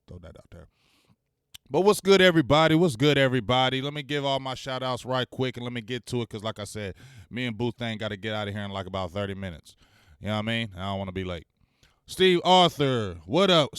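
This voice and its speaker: Loud, salty sports-talk man. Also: medium pitch, clean tone, dry recording, studio quality. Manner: energetic, loud, salty, lots of shout-outs. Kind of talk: casual live-stream chat.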